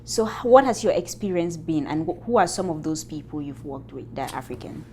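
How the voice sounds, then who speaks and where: A woman's voice: sits low, expressive, fairly quick, warm tone, a little hiss or hum. A woman hosting an interview, asking casual questions in a friendly way and laughing along. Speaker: interviewer host.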